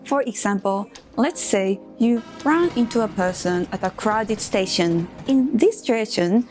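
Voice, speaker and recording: A woman teaching beginner phrases in English, speaking clearly and carefully and leading slow repeat-after-me drills. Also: mid-range voice, lively intonation, a little mellow, faint music behind. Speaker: Japanese language teacher. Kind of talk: scripted language lesson for beginners.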